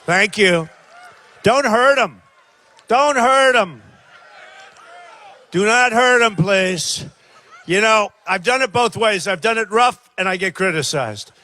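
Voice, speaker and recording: A man's voice: high-pitched, animated, slow pace, long pauses, pushed and bright. An older man giving a rambling campaign rally speech, repeating himself and talking straight to the crowd. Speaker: political candidate. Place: large rally crowd by a plane.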